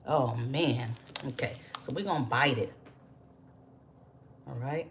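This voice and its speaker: A woman hosting a home cooking video, chatting warmly with viewers and calling them y'all and baby. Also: very deep voice, slow pace, slight background noise. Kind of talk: casual cooking demonstration to viewers.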